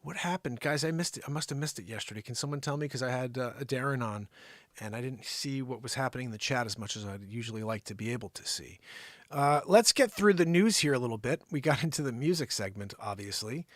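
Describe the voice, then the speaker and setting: A man hosting a live daily variety show, rambling through the news with jokes and sudden loud outbursts. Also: mid-range voice, lively intonation, fast talker, no room sound. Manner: rambling, jokey, bursts into mock voices and shouts.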